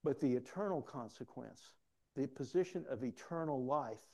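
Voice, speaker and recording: A middle-aged man preaching a sermon, telling personal stories and swinging from hushed asides to loud exclamations. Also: mid-range voice, lively intonation, moderate pace, vocal fry.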